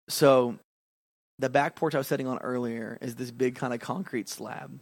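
A man in his twenties telling a story in casual chat, animated and full of fillers. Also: medium pitch, moderate pace, gravelly, no echo, clean studio sound. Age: 20s.

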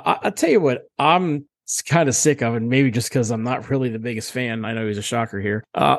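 A man co-hosts a casual podcast in a medium-pitched voice captured in a dry recording. His chat rambles, he's opinionated, and he swears often.

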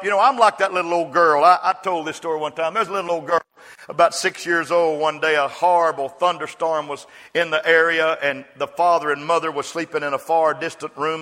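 A man preaching a rousing sermon, calling on the congregation to answer him and rising to shouts. His voice is bright and forceful and fairly high for a man, and it rings through a reverberant church hall with a faint crowd behind him. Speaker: pastor. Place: church sanctuary.

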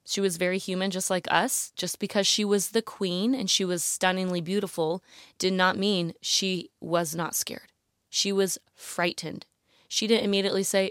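Animated woman teaching the Bible. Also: on the low side, moderate pace, clear, resonant tone, no room sound, studio quality. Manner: animated and emotional, often saying "you guys" and "like, literally". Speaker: Bible teacher addressing women listeners. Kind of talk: casual Bible teaching podcast.

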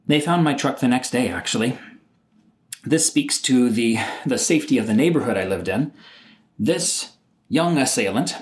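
A middle-aged man telling a personal story in an animated, exasperated way, sometimes mimicking other people. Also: mid-range voice.

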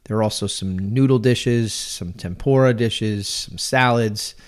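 A man's voice: on the low side, a little slow. A man hosting a casual chat, easygoing and chuckling as he recommends spots. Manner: easygoing, chuckling, restarts phrases. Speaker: host.

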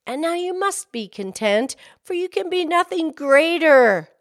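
Woman voicing meek old fisherman, fearful, pleading, slow, lively pitch. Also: dry recording, clean studio sound.

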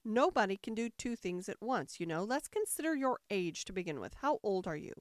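A woman voicing the old, scatterbrained White Queen, who talks in a fussy way and breaks into shrill, squeaky screams. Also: lively intonation, brisk, no room sound, studio quality, close to an everyday voice. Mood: fussing.

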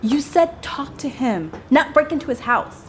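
A woman's voice: sits high, animated, unhurried, slight background noise. An actress playing a cautious young adult daughter who keeps objecting to her sister's risky plans. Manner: anxious, objecting. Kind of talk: film drama acting.

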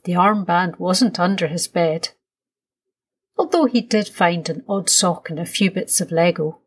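A woman reading a children's story aloud in a slow, soothing storytelling manner. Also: fairly low pitch, husky.

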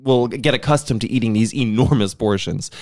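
A man's voice: mid-range voice, fairly quick. A man co-hosting a casual podcast, telling stories with lots of laughter and acting out the people he quotes. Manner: animated storyteller, laughs often, acts out quoted exchanges. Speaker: podcast co-host.

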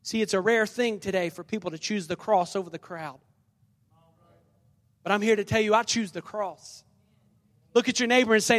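In a sermon echoing with the long reverb of a big church sanctuary, a high-voiced male pastor acts out scripture dramatically and leads call-and-response, shifting between loud calls and quiet lines. His intonation is fairly even, his pace brisk, and he pauses often.

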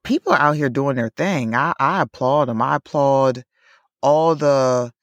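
A woman's voice: rumbling low, unhurried, no echo, lo-fi sound. A woman co-hosting a podcast in casual chat, full of "like" and "you know", laughing often. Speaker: podcast co-host.

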